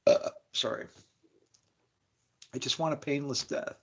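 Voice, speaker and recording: A man's voice: mid-range voice, slow pace. Rambling, emotional older man streaming live. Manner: rambling, emotional, laughs often, swings from loud to quiet. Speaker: livestream host. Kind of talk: casual rambling livestream talk.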